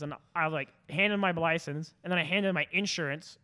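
A young man co-hosting a podcast, with a fairly high, bright voice and quick delivery. He tells stories animatedly and swears freely. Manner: swears a lot, animated storyteller. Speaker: podcast co-host. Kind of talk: casual podcast storytelling.

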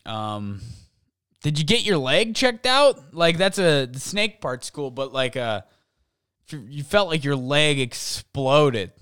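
A man's voice: fairly high pitch, very animated, slow pace, fairly bright tone, smooth, no room sound, clean studio sound. A young man hosting a podcast, rambling casually with lots of fillers and restarts as he reads listener stories. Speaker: podcast host. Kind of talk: casual comedic monologue, reading listener stories.

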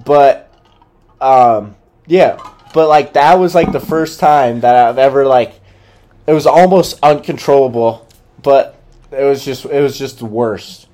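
A young man co-hosting a casual podcast, talking low-key and halting. His sentences stop and restart around filler words, and his pitch sits in the middle for a man. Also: warm tone. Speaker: podcast co-host.

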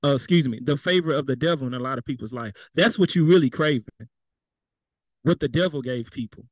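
A man's voice: mid-range voice, fairly quick, no echo, rough recording. Man preaching a casual sermon. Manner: conversational, repeats words, folksy slang.

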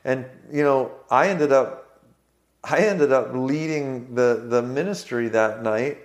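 A man's voice: medium pitch, slow. Guy preaching, tells a story, lots of ums and restarts. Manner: storytelling with many restarts and fillers. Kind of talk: sermon testimony.

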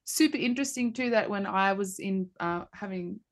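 Her voice is mid-range and her pace moderate. She's a thirty-something podcast host recounting something personal in a relaxed, conversational way, lively and peppered with fillers.

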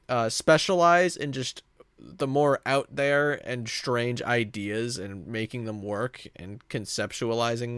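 A man's voice: mid-range voice, fairly bright tone, clear, resonant tone, no echo. A man hosting his own podcast, talking alone in a rambling way with many fillers and self-corrections. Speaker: podcast host. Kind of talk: casual solo monologue.

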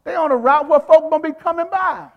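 A man's voice: very high voice, fast, in a large hall, dull audio. A male preacher delivering a sermon in a rhythmic, repeating style. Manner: rhythmic, repeats phrases, calls to the congregation.

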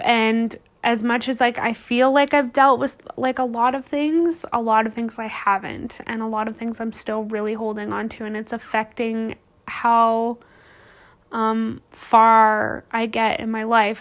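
Thirties woman venting on her podcast, kinda high voice, lots of "like"s and restarts. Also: a bit bright. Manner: emotional and rambling, many restarts and "like" fillers. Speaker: podcast host. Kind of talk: candid personal monologue.

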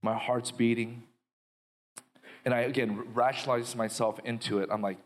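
A man's voice: medium pitch, normal speed, pauses often. A man telling a story and praying aloud. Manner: animated, quotes his inner dialogue. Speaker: guest minister. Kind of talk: storytelling testimony and prayer. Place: live podcast before an audience.

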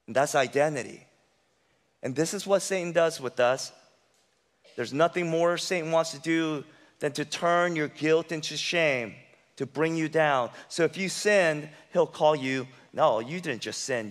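A male pastor preaching a sermon with passion, swinging from loud emphasis to hushed intensity. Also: a little high, big-room sound.

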